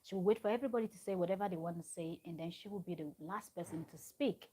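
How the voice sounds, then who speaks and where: A woman's voice: on the low side, fast talker, mellow, breathy edge, low-quality recording. A woman chatting at home as she recaps a reality show episode. Her talk rambles along with fillers and restarts. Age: adult parent of a small child. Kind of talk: casual recap chat.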